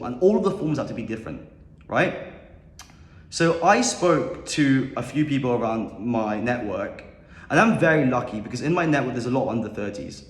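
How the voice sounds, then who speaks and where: A young man with a mid-pitched voice tells his story in a casual, rambling and confident way. He sounds like he is in a roomy space with a long reverb tail. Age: young adult. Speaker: podcast guest. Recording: echoey room with long reverb.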